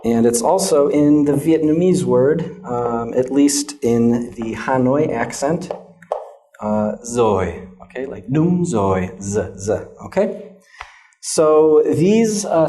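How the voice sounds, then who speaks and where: A young American man leads a pronunciation lesson at an unhurried, measured pace. His voice is mellow and warm. He keeps checking on his students with a patient "okay?" after each point. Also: mid-range voice. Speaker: English pronunciation teacher.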